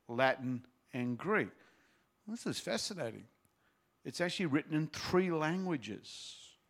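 A man reading a Bible passage aloud and breaking off into casual, explanatory teaching asides. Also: medium pitch. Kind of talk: scripture reading with commentary.

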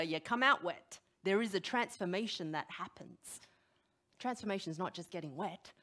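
A middle-aged woman preaching a sermon, animated and emphatic, putting direct questions to her listeners. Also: fairly low pitch.

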